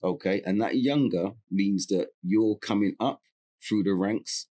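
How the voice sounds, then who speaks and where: Deep-voiced London man explaining slang. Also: unhurried, dark tone, no room sound, clean studio sound. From South London. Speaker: guest. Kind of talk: casual podcast conversation.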